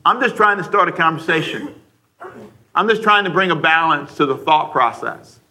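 A man preaching a radio sermon, talking straight to the listeners with a stream of questions and now and then acting out a frustrated parent with a sudden loud outburst. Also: on the high side, moderate pace. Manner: conversational, asks the listeners many questions.

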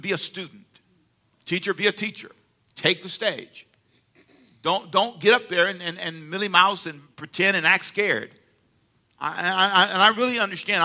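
An older man preaching a sermon as pastor, telling stories with laughs and calling for amens from the congregation. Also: high-pitched. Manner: animated storytelling with laughs and call-and-response. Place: church sanctuary.

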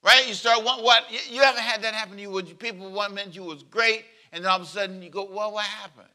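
A male pastor delivers a sermon in a very bright, somewhat high voice. He is animated, acts out the voices in his stories, and pulls the congregation into call and response. He jokes easily between points. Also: racing.

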